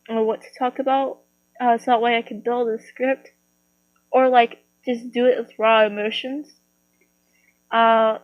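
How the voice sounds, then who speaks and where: Rambling woman vlogger, slightly high voice. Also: dry recording, lo-fi sound. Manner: rambling, many fillers and restarts. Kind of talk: casual chat to viewers.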